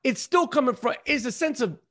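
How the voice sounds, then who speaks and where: A man in casual conversation, telling stories in a profane, animated way and repeating himself as he talks. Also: extremely high pitch, brisk. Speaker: podcast guest. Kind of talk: casual chat.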